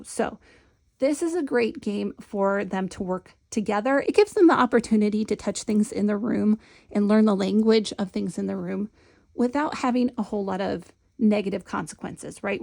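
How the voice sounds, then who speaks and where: A woman's voice: medium pitch, vocal fry, warm tone. A woman demonstrating a classroom syllable game in a patient, instructional way, modeling the chant in a sing-song voice. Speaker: Montessori teacher trainer.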